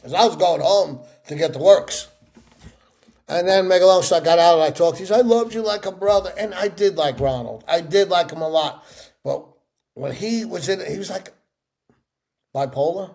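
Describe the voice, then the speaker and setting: A middle-aged man tells stories in a sit-down interview. His voice sits a little high and has a gravelly rasp. He talks animatedly and acts out the people he describes. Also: normal speed. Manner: animated storyteller acting out quoted voices. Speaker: interview guest.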